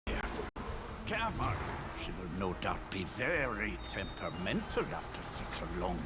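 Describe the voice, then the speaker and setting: A grandiose cultist villain. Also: male voice, low voice, huge pitch swings, moderate pace, very noisy. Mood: menacing. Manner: grandiose, menacing. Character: fanatical cultist villain, devoted to Mother. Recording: game audio with loud music.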